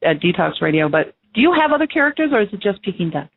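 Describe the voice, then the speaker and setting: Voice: mid-range voice, sing-song, fast, vocal fry. A radio show host talking in a friendly way to a guest and wrapping up the segment. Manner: friendly, wrapping up and plugging the website. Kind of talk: casual radio interview. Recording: tinny phone-line sound.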